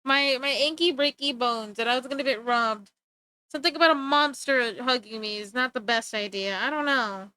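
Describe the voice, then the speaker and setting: A woman livestreaming while she draws, chatting in an animated, joking, self-mocking way and laughing easily. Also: a little high, normal speed, smooth, dry recording, poor audio. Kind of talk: casual stream chat while drawing.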